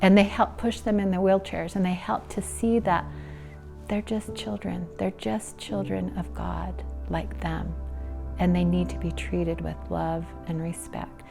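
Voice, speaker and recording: A middle-aged woman tells her story in an earnest, heartfelt interview, her voice carrying a gravelly edge of fry. At tender moments her words fall soft and breathy. Faint music plays underneath. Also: fairly low pitch, flat delivery, unhurried. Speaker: interviewee, nonprofit founder and mother.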